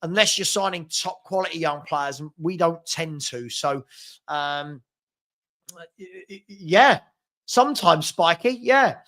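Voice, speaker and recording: A man's voice: fairly high pitch, expressive, a little slow, a bit bright. A young man hosting a casual live football fan chat, reading comments aloud with lots of fillers and restarts.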